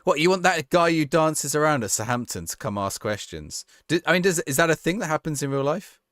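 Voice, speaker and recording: A man's voice: a little high, lively intonation, brisk, fairly bright tone, no room sound, clean studio sound. A man streaming a game, reading out viewers' questions and answering them offhand in casual chat, often restarting his sentences.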